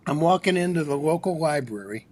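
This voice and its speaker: Man telling a lively story, higher pitched. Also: brisk, a little hiss or hum. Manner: animated anecdotal storyteller with frequent restarts. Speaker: psychologist and author, guest. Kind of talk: storytelling in a podcast interview.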